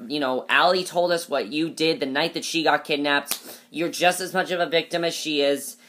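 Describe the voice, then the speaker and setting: A man with a voice on the high side, pushed and bright, recaps a TV episode casually and chattily. As a TV episode reviewer, he uses lots of fillers and restarts and gives emphatic opinions.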